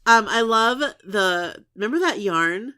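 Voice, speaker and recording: A woman's voice: medium pitch, animated, measured pace, bright, forceful tone, clear, resonant tone. A woman in her thirties co-hosting a podcast, chatting casually and rambling with lots of "like" and restarts. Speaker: podcast co-host. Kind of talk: casual chat.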